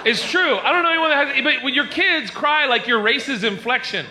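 A man doing a stand-up comedy set, telling stories animatedly and jumping into high squealing character voices. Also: animated, moderate pace, sharp tone, slight background noise. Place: comedy club stage.

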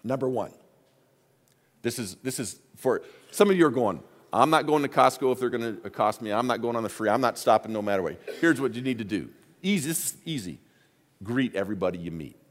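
A man preaching a sermon as the pastor, telling stories with his voice swinging from hushed asides to loud exclaims. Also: medium pitch, lively intonation, brisk.

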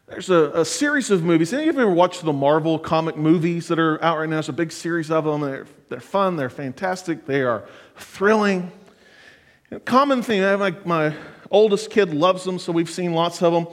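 A middle-aged male pastor preaching with a notably high voice and earnest, rising fervor. His words ring out with a long hall reverb behind them. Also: a little fast. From United States. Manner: earnest preaching, building to fervent exhortation. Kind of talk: sermon.

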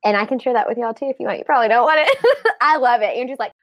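A woman's voice: fairly high pitch, big pitch swings, very fast, no echo. Bubbly young woman with a drawl. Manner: bubbly, lots of fillers like "like". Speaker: podcast guest. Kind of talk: casual podcast chat.

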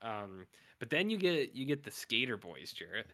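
A man co-hosting a podcast, chatting casually about horror movies, rambling and mumbling flat asides. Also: mid-range voice, moderate pace, no echo. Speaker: podcast co-host.

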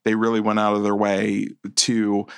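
Low-voiced man musing about films. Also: monotone, moderate pace, gravelly, clear, resonant tone, dry recording, clean studio sound. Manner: rambling, self-correcting, chuckles often. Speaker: podcast co-host. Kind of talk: casual film chat.

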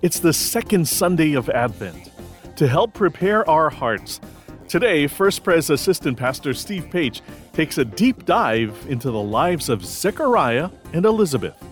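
A man's voice: on the high side, big pitch swings, measured pace. A man reading a scripted podcast introduction in an upbeat way. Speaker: podcast announcer. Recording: music bed underneath.

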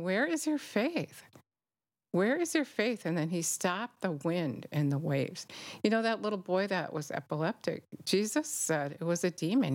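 A woman's voice: on the low side, darkish tone, no room sound. A woman giving an informal sermon in an earnest, conversational way, often dropping in "you know". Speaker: preacher.

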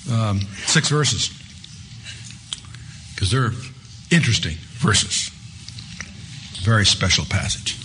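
A man's voice: mid-range voice, bright, forceful tone, slight background noise. A man leading an evening Bible study in a conversational way, reading scripture aloud with rising emphasis. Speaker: Bible teacher.

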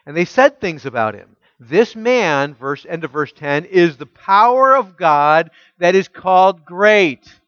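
A man preaching a teaching sermon, asking his listeners rhetorical questions and reading scripture aloud slowly with emphasis. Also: sits high, big pitch swings, a bit bright, dry recording, muffled recording. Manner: asks the congregation rhetorical questions. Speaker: pastor.

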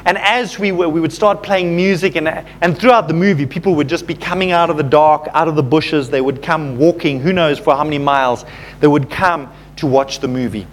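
A man's voice: on the high side, a little fast, slight background noise. A man preaching a sermon, telling a story to his congregation and calling them folks, growing fervent as he goes.

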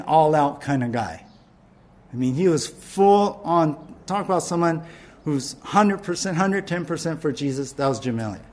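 A man preaching with fervent emphasis and a somewhat high voice. He stumbles and restarts phrases as he drives each point home, moving between quick asides and slow, weighty lines. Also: a little mellow. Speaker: pastor. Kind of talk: sermon.

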